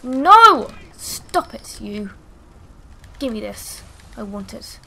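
Slow-talking high gravelly young woman gamer. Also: level tone, darkish tone. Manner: swearing, frustrated outbursts and screams. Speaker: gaming video creator. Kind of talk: gameplay commentary.

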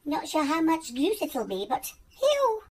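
Mister McVee, a squeaky Scottish agony uncle. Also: huge pitch swings, a little slow, heavily acted. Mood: cheeky. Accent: put-on Scottish. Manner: cheeky, mock-posh advice giving. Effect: high-pitched phone filter voice. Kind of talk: comic advice column sketch.

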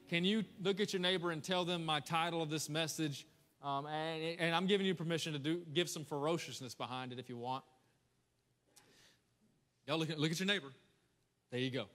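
A man preaching a lively, conversational sermon as a pastor, talking straight to his congregation. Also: fairly high pitch, fairly quick, long pauses, faint music behind. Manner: energetic, conversational preaching with audience call-outs. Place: large church hall. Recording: echoey church hall with long reverb.

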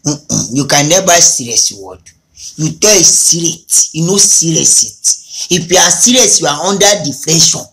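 A man's voice: fairly high pitch, expressive, unhurried, fairly bright tone, rough recording. A man co-hosting a casual chat, agreeing often and dropping pidgin phrases. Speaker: co-host.

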